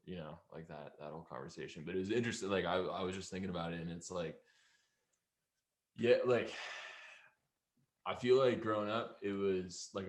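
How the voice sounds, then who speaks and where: Deep-voiced young man rambling casually. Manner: rambling, filler-heavy and relaxed. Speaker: guest musician. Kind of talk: casual chat.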